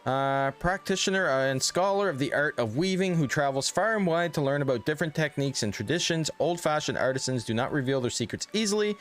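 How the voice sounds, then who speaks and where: A man's voice: a little high, lively intonation, brisk, hardly any pauses, a bit bright. A man streaming a video game, reading its text aloud with casual, joking asides. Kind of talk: casual let's-play commentary.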